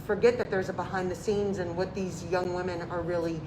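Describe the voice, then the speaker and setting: A woman's voice: fairly low pitch, level tone, a little fast. A woman hosting a talk show, enthusiastic, exclaiming and using many fillers as she asks questions. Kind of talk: casual interview. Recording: echoey room with faint background noise.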